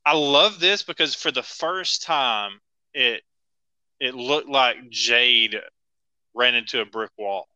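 A man's voice: mid-range voice, slow, bright, forceful tone, clean tone, no echo, rough recording. A man co-hosting a wrestling podcast, chatting casually, laughing often and recapping matches move by move. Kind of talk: casual chat.

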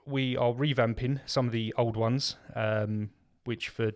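A man's voice: medium pitch, steady tone, a little slow. Rambling man co-hosting a podcast. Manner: rambling, many "um"s and restarts. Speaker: podcast co-host. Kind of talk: casual podcast chat.

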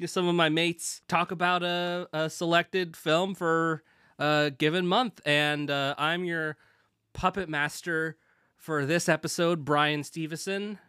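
Pnw american guy hosting a podcast, rambly with lots of uhs, smooth clear voice, kinda high. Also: steady tone, slow, bright, forceful tone, no room sound, studio quality. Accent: Pacific Northwest American. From born in Britain, raised in the Pacific Northwest. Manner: rambling, self-deprecating, lots of fillers. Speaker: podcast host. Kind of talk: casual podcast chat.

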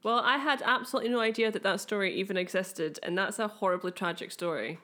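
A woman's voice: medium pitch, fast, a bit bright. A woman co-hosting a podcast in casual chat, teasing and laughing often. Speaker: podcast co-host.

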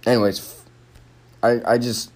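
A man's voice: mid-range voice, level tone, normal speed, a little mellow. A young man ranting alone on a podcast, swearing constantly and rambling in frustration, recorded on a phone microphone. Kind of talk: frustrated solo podcast rant.

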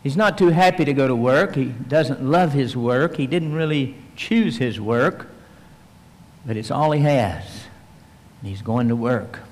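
A man's voice: mid-range voice, lively intonation, unhurried. A male pastor preaching a sermon and leading a prayer. He retells a story vividly and acts out the voices of the people in it. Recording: long reverb, large hall.

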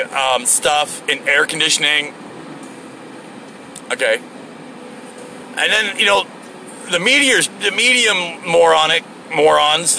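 Inside a car, a solo show host rambles casually to himself, profane and joking, over road and air-conditioning hum. His voice is on the high side, creaky and bright, with a forceful tone.

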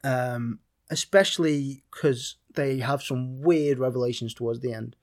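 A man's voice: mid-range voice, steady tone, unhurried. A man from Britain giving a casual, rambling spoken film review, with many fillers and restarts.

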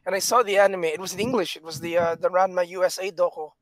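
A man co-hosting a casual chat, animated, laughing often and talking with plenty of fillers and restarts. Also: high-pitched, quick pace. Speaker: podcast co-host.

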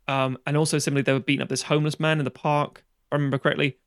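A man chatting casually on a podcast, retelling a film plot in a lively, sweary way and acting out the characters' lines. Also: a little high, racing, dry recording, studio quality.

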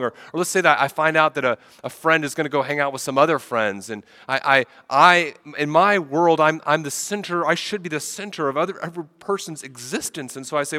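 A man's voice: fairly high pitch, a little fast, pushed and bright, in a large hall. A man preaching a sermon with a head cold, talking conversationally and often repeating words as he starts sentences. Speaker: pastor.

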